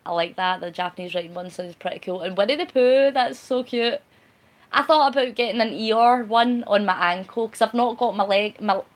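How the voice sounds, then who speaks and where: A woman chatting casually on a live stream, reading out viewer comments in a cheeky, talkative way with frequent laughs. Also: medium pitch. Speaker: vlogger.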